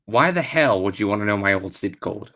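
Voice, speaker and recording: A caller on a fan show who fakes an American accent that keeps slipping, his low voice sounding bright and forceful. He hesitates and trips over his words. The line sounds distant, as if he is calling in. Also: lively intonation, fairly quick. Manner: puts on an unconvincing American accent.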